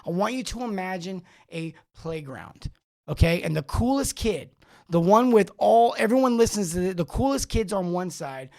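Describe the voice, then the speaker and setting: Animated man coaching plumbing business owners. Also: high voice. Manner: animated, rambling, talks back to live chat. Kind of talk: live-streamed coaching talk.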